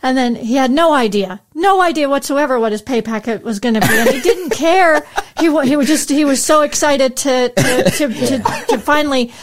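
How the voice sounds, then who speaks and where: A woman co-hosting a casual chat, talking in a relaxed, conversational way with fillers and small laughs. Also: high voice, moderate pace, hardly any pauses. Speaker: podcast co-host.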